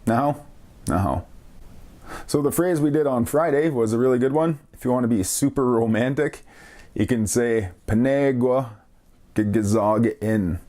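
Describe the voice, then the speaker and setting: A man hosting a casual radio language lesson, explaining slowly and repeating each phrase carefully, with light self-deprecating laughs. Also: medium pitch, dark tone.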